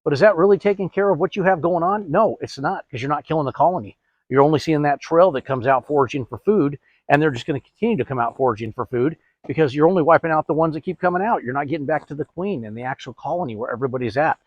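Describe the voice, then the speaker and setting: A man's voice: a little high, fast talker, no echo, dull audio. A middle-aged man hosting a DIY product tutorial, chatty, asking and answering his own questions. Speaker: host.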